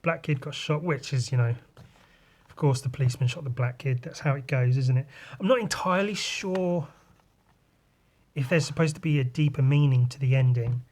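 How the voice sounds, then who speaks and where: A man hosting a podcast, talking casually through a comic in a loose, sweary, rambling way, his voice a little rough today. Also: medium pitch, moderate pace, a little mellow. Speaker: podcast host.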